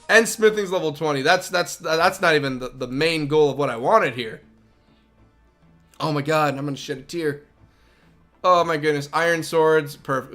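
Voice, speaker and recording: A man streaming a game live, chatting excitedly, laughing often and talking to his dog. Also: a little high.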